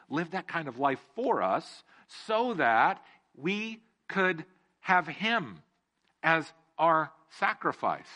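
A pastor with a fairly high, bright voice and a forceful tone preaches a casual sermon. He cracks jokes and puts questions to the room.

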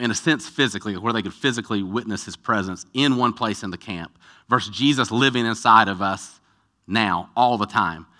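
A man's voice: on the low side, sharp tone. A man, a pastor, answering a congregation question in an earnest, emphatic sermon style. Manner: earnest, builds in energy, emphatic repetition. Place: church with live stream.

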